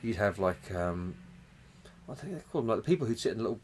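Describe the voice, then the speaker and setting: A man's voice: on the low side, animated, quick pace, darkish tone, slight background noise. A man co-hosting a podcast, rambling through a story in casual chat and swearing freely. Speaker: podcast co-host.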